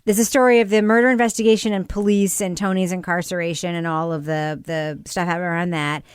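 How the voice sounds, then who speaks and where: A woman's voice: lowish voice, fairly even intonation, quick pace, clean tone, no echo. Woman, podcast co-host, casual chat, dry close mic, thinks aloud, questioning. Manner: thinks aloud, many "like" fillers, poses questions. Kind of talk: casual chat reviewing a TV series.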